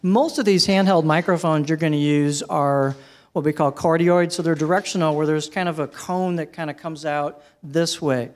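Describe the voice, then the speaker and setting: A man leads a live workshop on microphone technique, and his voice sits a little high for a man. He talks in a relaxed, conversational way and turns to the audience with questions. He is heard through handheld and headset microphones in a room with a sound system. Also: moderate pace. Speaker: presenter teaching microphone technique. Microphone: handheld and headset microphones, switched during demo.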